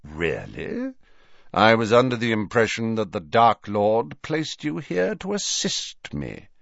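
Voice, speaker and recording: A man's voice: fairly low pitch, huge pitch swings, takes it slowly, creaky, no echo, heavily acted. A man voicing a cold, sneering middle-aged wizard who speaks in a lazy, silky, mocking drawl, recorded dry and dull. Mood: sardonic.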